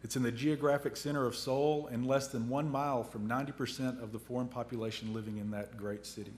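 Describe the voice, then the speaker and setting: Earnest middle-aged headmaster with a cold. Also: male voice, mid-range voice, fairly even intonation, darkish tone. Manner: earnest, measured reading with faith-filled phrasing. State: has a cold, on cold medicine. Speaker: school headmaster. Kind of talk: reading a prepared presentation.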